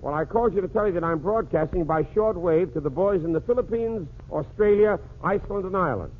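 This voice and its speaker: A man's voice: sits high, fairly quick. A man hosting a 1940s radio comedy show, cracking jokes through a one-sided phone call. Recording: tinny old radio broadcast with faint hiss.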